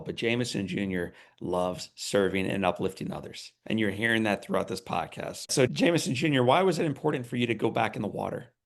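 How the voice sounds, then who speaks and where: A man hosting a podcast interview, enthusiastic as he asks his guests questions. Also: fairly low pitch. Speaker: podcast host.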